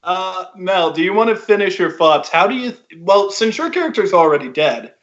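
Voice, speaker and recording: A man with a rather high voice steers a casual podcast, asking questions and laughing easily. The audio is muffled and lo-fi. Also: sing-song, normal speed, fairly bright tone. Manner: leads the talk, asks questions, laughs easily. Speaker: podcast host. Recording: dull lo-fi online call.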